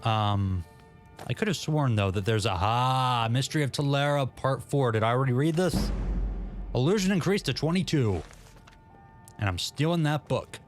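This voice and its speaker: A chatty man narrates his own gameplay in a loose, self-mocking way, muttering and joking to himself at an everyday pitch. Faint game music plays quietly behind him. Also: expressive, moderate pace. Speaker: gaming channel host. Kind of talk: casual gameplay commentary.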